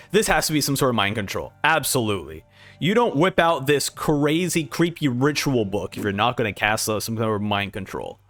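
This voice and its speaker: A man hosts a casual manga reaction, animatedly narrating the panels and acting out the dialogue. His voice is medium-pitched, with no room sound.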